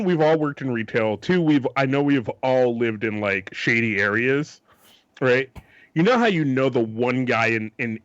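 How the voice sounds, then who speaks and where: A man co-hosting a casual podcast chat, animated and profane, breaking into laughter. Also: medium pitch, no echo, dull audio. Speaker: podcast co-host.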